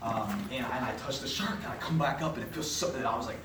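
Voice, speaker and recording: A young man gives a personal faith testimony to a room of listeners, telling it as an animated storyteller with casual filler words. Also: medium pitch, fast. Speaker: podcast host giving a faith testimony. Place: indoor room with an audience. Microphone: distant mic. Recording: echoey room, distant mic, faint noise.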